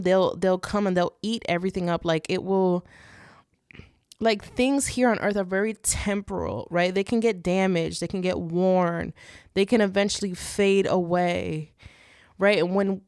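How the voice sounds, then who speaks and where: A woman's voice: on the low side, clean tone, no echo, clean studio sound. A young woman hosting a faith podcast, talking earnestly and casually, with many restarts and rhetorical "right?"s. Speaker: podcast host.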